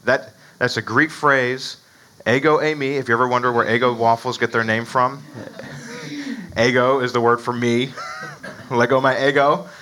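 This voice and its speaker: Guy giving a sermon, bright punchy voice, super conversational, lots of "right?". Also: mid-range voice, expressive, unhurried, slight background noise, rough recording. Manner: conversational, keeps asking "right?" to the listeners; chuckles between points. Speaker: pastor.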